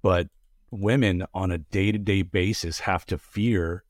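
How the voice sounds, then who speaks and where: A man co-hosting a casual discussion, speaking earnestly and in a measured way, with some stumbling repetitions. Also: sits low, steady tone, no echo. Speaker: podcast co-host.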